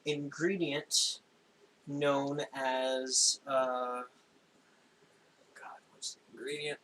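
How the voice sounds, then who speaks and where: A young man narrating a tabletop game as game master, in a casual, halting way with frequent laughs. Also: mid-range voice, flat delivery, a bit bright, poor audio. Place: home room, recorded for a stream.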